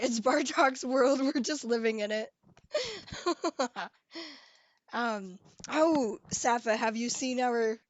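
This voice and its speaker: A woman's voice: high voice, no echo, lo-fi sound. A young woman hosting a casual live stream, chatting with her viewers, reading their messages aloud and giggling often.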